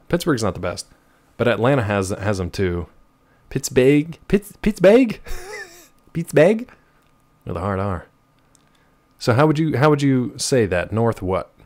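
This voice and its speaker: Animated male streamer, lively swooping voice. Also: normal speed, long pauses. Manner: animated, playful, jumps between high and low pitch. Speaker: livestream host. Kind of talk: casual chat while gaming.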